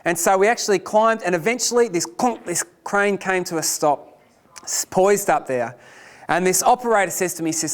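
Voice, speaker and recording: A man giving a lecture, telling a personal story in an animated, self-deprecating way. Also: high voice, moderate pace.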